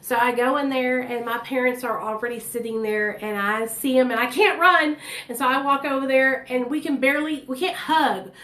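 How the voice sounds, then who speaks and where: A woman's voice: high voice, moderate pace, a bit bright. A woman telling her own story to her viewers in a candid, blunt, chatty way. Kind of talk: casual storytelling to camera. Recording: echoey room.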